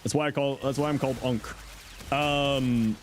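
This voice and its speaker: A man's voice: medium pitch, steady tone, normal speed, a little hiss or hum. A middle-aged man chatting casually on his livestream, answering chat in a playful, teasing way and laughing often.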